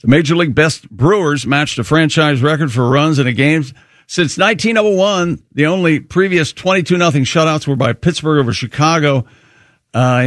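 Man, radio show host, reads sports scores, jokey, slightly high voice, dry close sound. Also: no echo. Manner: reads scores quickly, jokes between items. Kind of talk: casual radio show banter, reading news items.

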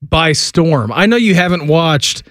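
A male sports radio host from talks in a loose, storytelling way and laughs easily. His voice sits a little high. The studio sound is close and dry. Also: animated, unhurried, a bit bright, no room sound. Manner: chatty, storytelling, laughs often. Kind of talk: casual sports radio chat.

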